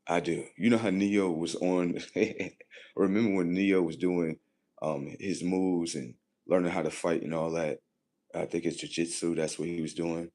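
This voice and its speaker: A man hosting a livestream, rambling in a casual monologue that repeats itself, swears freely and swings from low muttering to loud emphasis. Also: fairly even intonation, a little slow. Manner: rambling, repetitive and profane, drifting between muttering and loud emphasis. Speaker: livestream host.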